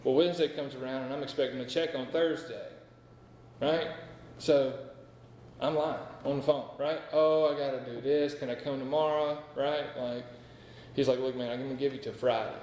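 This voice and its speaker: A man's voice: mid-range voice, fairly even intonation, moderate pace, a little mellow, slight background noise. A man in his thirties from North Carolina, telling his recovery story to a meeting in a candid, rambling way, full of "like" and "right?". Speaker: AA speaker sharing his story. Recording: echoey hall with long reverb.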